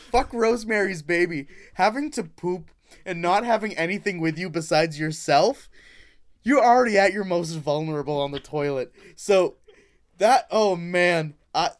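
Young man with a smooth, slightly high voice. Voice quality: crude, rambling jokey delivery. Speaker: podcast co-host. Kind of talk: casual comedic chat.

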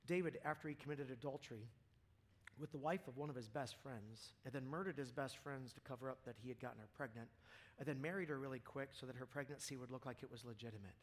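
A man preaching a casual, impassioned sermon to a church audience, dropping to near-whispers and then rising to loud, fervent peaks. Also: medium pitch, quick pace. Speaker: pastor.

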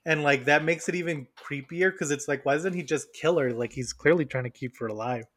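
A man with a somewhat raised voice chats casually as a podcast co-host. He retells movie scenes with animated energy and laughs easily. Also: a little high, fairly quick. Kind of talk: casual chat.

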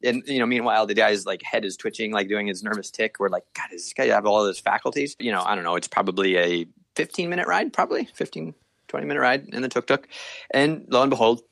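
A man telling a travel story in casual chat, animated and full of "like" and acted-out quotes. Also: lowish voice, fast, vocal fry, no echo. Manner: animated, acts out voices, many fillers.

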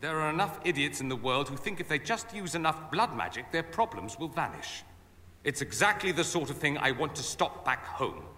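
A man's voice: a little high, big pitch swings, moderate pace, bright, forceful tone. An actor playing a haughty, refined male mage in a video game, speaking with a sardonic, cultured delivery. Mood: earnest. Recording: game audio with long reverb and faint ambience.

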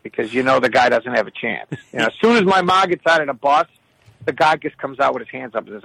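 A man telling rambling comic stories in a casual, profane, animated way. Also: mid-range voice, fairly quick, gravelly, rough recording. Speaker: regular of the show. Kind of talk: casual comedic storytelling.

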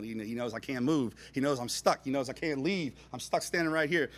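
A man telling a funny personal anecdote, expressive, dropping into hushed asides and rising to near-shouts, chuckling as he goes. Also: medium pitch, fairly quick, a little hiss or hum. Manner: chuckles through his own story. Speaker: storyteller.

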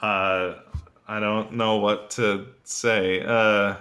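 A man's voice: on the low side, flat delivery, extremely slow, pushed and bright. A man co-hosting a casual podcast, rambling with lots of fillers as he explains basic Japanese. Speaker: podcast co-host.

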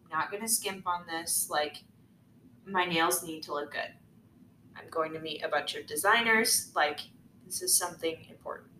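A young woman with a fairly low voice and moderate pace co-hosts a podcast, animatedly retelling a story in a chatty way packed with "like." The recording has an echoey room and faint noise.

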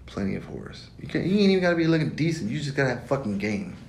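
A man's voice: very animated, rapid-fire. Brash, profane man in an echoey room. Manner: brash, profane, blunt advice-giving. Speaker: podcast host. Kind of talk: casual monologue. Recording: echoey room with faint rumble.

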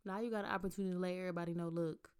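A woman's voice: lowish voice, fairly even intonation, very fast, a little mellow, clean tone. A young woman sharing a heartfelt faith testimony from home. She speaks earnestly and directly, repeats lines for emphasis and talks to listeners as y'all. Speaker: vlogger sharing a personal testimony. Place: at home, just out of bed.

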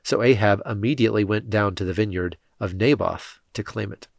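Guy reading bible passages, low voice, steady and measured, dry close sound. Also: gravelly, no echo. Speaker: scripture reader. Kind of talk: scripted narration.

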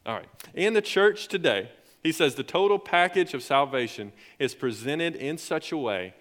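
A young man preaching as a youth pastor, telling stories in a lively, rising way. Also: a little high, moderate pace, few pauses. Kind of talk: sermon. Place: church sanctuary. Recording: long hall reverb.

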